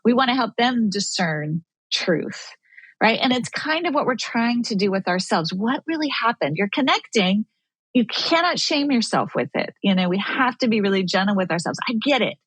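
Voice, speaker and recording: Animated breathy woman coaching. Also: a little high, normal speed, dry recording, low-quality recording. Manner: earnest, coaching tone, acts out inner dialogue. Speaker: guest expert. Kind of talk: podcast conversation.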